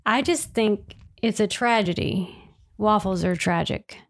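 A woman's voice: mid-range voice, a little slow. A woman co-hosting a podcast, bantering casually with her partner in a teasing, exasperated way and laughing often. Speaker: podcast co-host.

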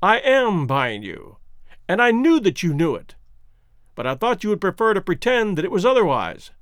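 A man's voice: high voice, sing-song, normal speed, a bit bright, dry recording. A man voicing a scheming wealthy man who talks bluntly and cynically, in a dry close recording.

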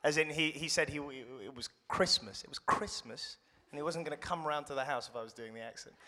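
A young British man, appearing as a guest actor in an interview, chats casually in a thoughtful, self-deprecating way, rambling and restarting his sentences. He has a British English accent and a fairly high voice, and he talks briskly. The recording is very noisy, with reverb from the room.

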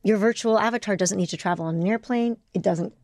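A woman guest in a candid interview, talking in rapid, emotional bursts and often restarting her sentences. Her pitch sits in an ordinary middle range. The sound is dry and close, with no room in it. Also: darkish tone, dry recording.

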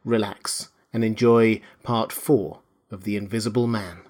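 A man narrating a classic novel aloud in a measured, expressive way. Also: on the low side. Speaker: reader. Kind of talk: audiobook narration.

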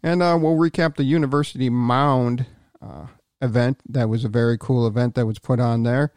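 Male podcast host, casual and rambling, mid-pitched, dry close recording. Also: fairly even intonation, moderate pace, a little mellow, clear, resonant tone, no room sound. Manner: rambling, with fillers and restarts.

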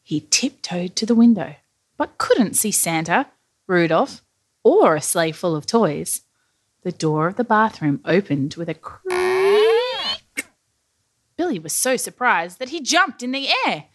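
A woman narrating a children's story aloud in an animated, playful storyteller manner. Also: lowish voice, measured pace. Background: faint music.

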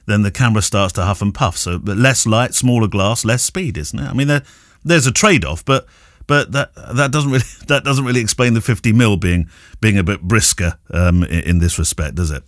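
A man's voice: lowish voice, a little fast, no room sound, studio quality. A man co-hosting a photography podcast, chatting casually and joking while he asks questions. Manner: jokey, asks questions, lively intonation. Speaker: podcast co-host. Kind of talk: casual chat.

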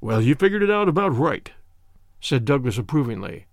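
A man's voice: medium pitch, very animated, brisk, no room sound, studio quality. A man reading an older American fugitive who speaks with a blunt, folksy, earnest manner and an American accent. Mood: frank.

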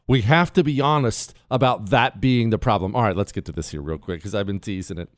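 A man hosting a talk radio show, combative and emphatic, jumping between loud outbursts and low muttered asides. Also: a little fast, dry recording, clean studio sound. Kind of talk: opinionated talk radio monologue.

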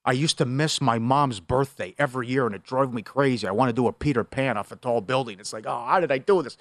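A middle-aged man co-hosting a sports betting show, telling stories in an animated, rambling way. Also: medium pitch, fast talker, no echo, clean studio sound. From Superior, Wisconsin. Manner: animated, storytelling, jumps between topics. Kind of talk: casual sports radio banter.

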